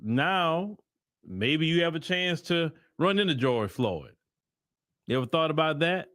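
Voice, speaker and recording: A man's voice: fairly high pitch, sing-song, a little slow, fairly bright tone, no echo, studio quality. A man hosting a livestream commentary, talking in a heated, rambling way full of repeated restarts. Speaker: host and commentator.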